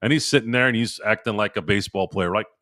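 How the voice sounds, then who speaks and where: Host type: low-pitched man, casual streamer, chatty and repetitive, dry close sound. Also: fast talker, sharp tone, dry recording. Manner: rambling, repeats himself, talks to chat by name. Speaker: sports podcast host. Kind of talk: casual live-stream chat reading viewer comments. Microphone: streaming microphone.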